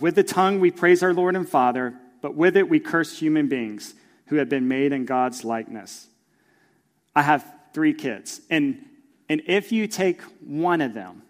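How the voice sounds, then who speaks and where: A man preaching a sermon as pastor in a church, animated and storytelling, acting out voices of his kids. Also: fairly high pitch, a little slow, long reverb tail.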